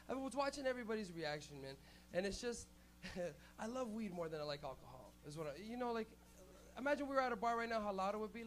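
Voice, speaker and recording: A young man doing a loose, swearing stand-up set, acting out quotes as he hosts a small club night. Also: sits high. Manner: loose, rowdy, swears a lot, acts out quotes. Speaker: stand-up comedian and host. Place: small club stage with a live audience.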